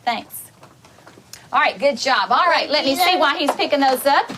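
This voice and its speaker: A woman teaching a kindergarten class, giving brisk, encouraging instructions and reading a story aloud in a classroom. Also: high-pitched, expressive. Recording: noisy classroom recording.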